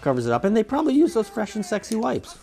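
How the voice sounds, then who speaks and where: A middle-aged man co-hosting a casual chat show, with dry, deadpan asides. His voice sits a little high for a man and swings up and down a lot. He reads movie previews in a lively, easy way. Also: quick pace, gravelly, soft background music. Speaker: co-host.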